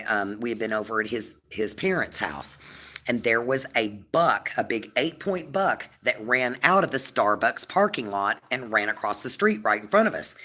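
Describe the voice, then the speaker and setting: Bright-voiced chatty woman live-streaming. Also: extremely low pitch. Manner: rambling, chatty, heavy on fillers; affectionate toward viewers. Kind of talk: casual live stream chat.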